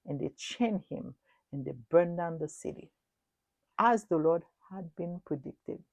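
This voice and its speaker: Recounting a dream as prophecy, a middle-aged woman preaches at a measured pace in a low, gravelly, mellow voice. Her earnest, repetitive delivery lurches from loud proclamations to quiet murmurs, and the recording is dry and close.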